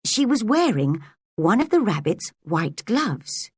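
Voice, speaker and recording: A woman narrating a storybook aloud in a slow, expressive reading. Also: mid-range voice, husky, no echo, studio quality. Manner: lively, expressive.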